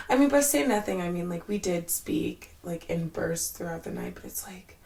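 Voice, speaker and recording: A young woman vlogger with a lowish, gravelly voice talks to herself at a moderate pace with lively intonation. Her casual solo monologue is rambling and candid, full of swearing, "like" fillers, and sudden laughs, and she drops to a near-whisper when she gets reflective.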